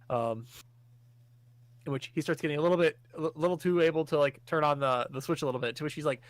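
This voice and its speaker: A man's voice: on the high side, quick pace, dry recording. A man co-hosting a podcast, giving a rambling, casual recap full of fillers and restarts. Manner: rambling, filler-heavy storytelling. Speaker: podcast co-host.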